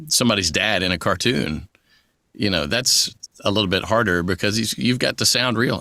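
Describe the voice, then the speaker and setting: A man who works as a voice actor, chatting in an interview in a rambling, easygoing way with quick asides. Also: fairly low pitch, sharp tone, dry recording, clean studio sound. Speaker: voice actor guest. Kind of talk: conversational interview.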